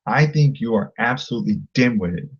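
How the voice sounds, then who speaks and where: A man's voice: medium pitch, animated, brisk, husky, highs cut off. A man ranting angrily at a critic, combative and insulting, often repeating himself. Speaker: vlogger. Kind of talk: angry rant to camera.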